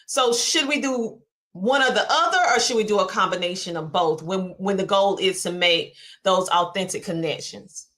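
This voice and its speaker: Woman, host, chatty, rambling questions, mid pitch. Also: normal speed, fairly bright tone. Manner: rambling, chatty, lots of fillers. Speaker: podcast host. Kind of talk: interview questions, casual.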